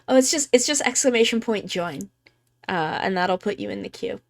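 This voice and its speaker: A woman streamer chatting casually while giving tarot readings, joking about herself and swearing freely, speaking softly and close to the mic. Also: mid-range voice, expressive, normal speed, vocal fry. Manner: soft, quiet near-ASMR voice close to the mic. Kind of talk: casual live-stream chat. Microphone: close microphone.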